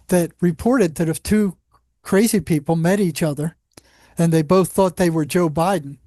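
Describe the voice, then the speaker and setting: A man who worked as a psychologist on a psychiatric unit, telling animated anecdotes in a casual interview with lots of restarts. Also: fairly high pitch, no echo, studio quality.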